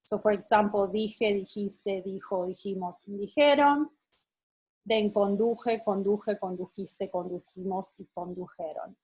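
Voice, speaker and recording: A woman's voice: mid-range voice, husky, low-quality recording. A woman teaching an online lesson, explaining patiently and checking that her student follows. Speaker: Spanish teacher.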